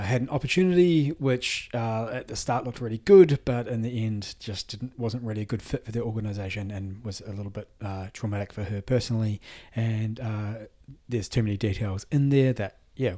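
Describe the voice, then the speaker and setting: A man's voice: lowish voice, a little mellow. A man who hosts for his church community, giving a casual, self-deprecating aside with many "uh"s. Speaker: church leader and podcast host. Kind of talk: casual recorded commentary.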